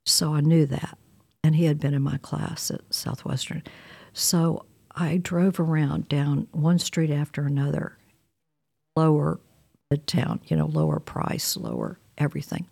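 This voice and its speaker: A woman's voice: low-pitched, measured pace, gravelly, slightly rough. A woman, telling a personal story in a candid, wry way. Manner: candid, wry, animated retelling with quoted dialogue.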